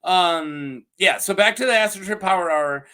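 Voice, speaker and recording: A man chatting casually on his own as a show reviewer, laughing often and slipping into quick, goofy character voices. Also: high voice, bright, forceful tone. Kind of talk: casual solo review chat.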